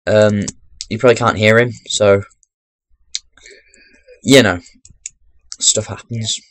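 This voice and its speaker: A young man giving chatty, rambling commentary while playing a video game into his webcam microphone, breaking into sudden loud exclamations. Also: fairly low pitch, fairly even intonation, takes it slowly, no echo. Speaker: gaming commentator. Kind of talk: chatty let's-play commentary.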